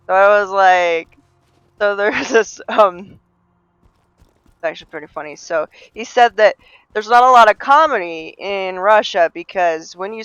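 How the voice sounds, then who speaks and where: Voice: medium pitch, a little slow, a bit bright, clean tone, dry recording. Rambling chatty game streamer. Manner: rambling, chatty, many fillers and restarts, laughs at own jokes. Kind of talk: casual live-stream commentary.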